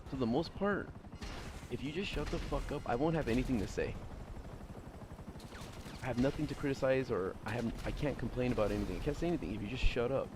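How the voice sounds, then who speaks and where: A young man streaming and chatting casually, loud and opinionated, rambling with lots of fillers. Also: medium pitch, fast talker, pauses often, background noise. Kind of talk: casual chat while gaming.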